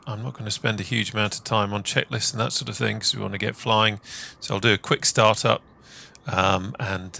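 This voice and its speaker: Gravelly, bright-toned man. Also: on the low side, brisk. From England. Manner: relaxed, chatty, lots of "uh" fillers. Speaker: flight simulator video host. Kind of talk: casual gameplay commentary.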